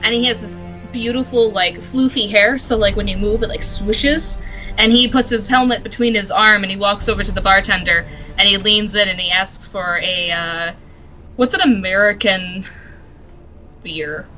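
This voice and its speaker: A woman's voice: medium pitch, fairly even intonation, normal speed, pushed and bright, faint music behind, poor audio. A woman playing a tabletop game, describing her knight in giggly, hesitant casual talk. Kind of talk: casual play-along chat.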